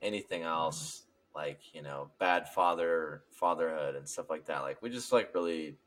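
A man's voice: very deep voice, normal speed. A young man co-hosting a podcast, telling stories in a rambling, casual way and laughing often. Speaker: podcast co-host. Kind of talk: casual chat, storytelling.

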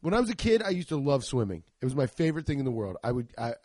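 A man's voice: mid-range voice, racing, no echo. A man hosting a podcast, ranting casually and comically with lots of swearing and rambling asides. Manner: profane, rambling, animated. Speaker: podcast host. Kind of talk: casual comedic rant.

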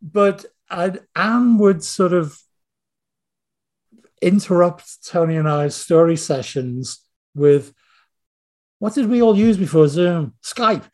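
A man's voice: high voice, expressive, slow pace, pauses often, a little mellow. A man, a screenwriter guest, telling rambling anecdotes with many self-interruptions. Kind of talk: casual interview chat.

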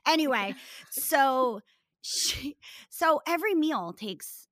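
A woman in her thirties co-hosting a podcast, telling a comic, profane story in an animated, casual way. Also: sits high, slow pace, no room sound, studio quality. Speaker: podcast co-host.

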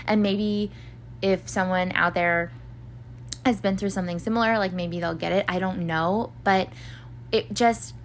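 Her voice is medium-pitched, fairly even in intonation, and a little slow, with some faint hiss or hum in the recording. A young woman hosting a podcast, she meanders through a personal story, swearing freely, using lots of fillers, and performing others' voices.

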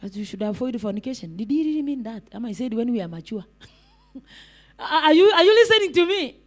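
A woman's voice: a little high, big pitch swings, normal speed. A woman evangelist preaching a sermon, repeating rhetorical questions and calling out to the congregation.

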